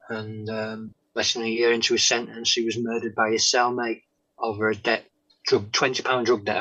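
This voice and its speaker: A man, a guest telling his faith testimony in an interview, halting with many pauses and "um"s and often dropping to a soft tone. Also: medium pitch, breathy edge. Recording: dull lo-fi sound.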